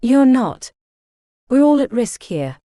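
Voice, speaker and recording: A woman's voice: high voice, big pitch swings, slow, mellow, no room sound, clean studio sound, pitched above the performer's own voice, exaggerated voice. A woman reading the part of a determined young female mage who lays out a battle plan in an audiobook.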